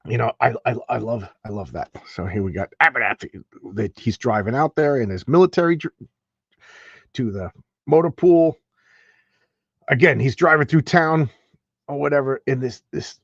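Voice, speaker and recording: A man's voice: mid-range voice, moderate pace, no room sound, dull audio. A man hosting a casual comic book review, talking in a rambling, enthusiastic way with many restarts and asides. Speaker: comic book show host.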